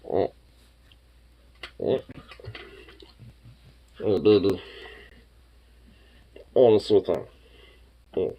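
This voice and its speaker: Slow, lively man cooing and cursing. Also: husky. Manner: swears freely, coos at his pet in a pitched-up baby-talk voice. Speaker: streamer. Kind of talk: casual chat while reading online posts and talking to a pet.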